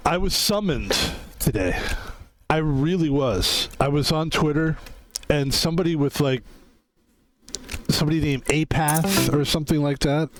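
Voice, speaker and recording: A man's voice: fairly high pitch, no echo, poor audio. A man streaming online poker who talks in a casual, rambling, self-mocking way, with a lot of "like". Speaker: game streamer. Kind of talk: casual live-stream commentary.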